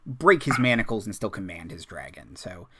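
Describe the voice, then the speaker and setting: A man's voice: on the low side, big pitch swings, normal speed, background noise. A man running a tabletop game as game master, narrating with frequent ums and uhs. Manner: hesitant, many ums and uhs.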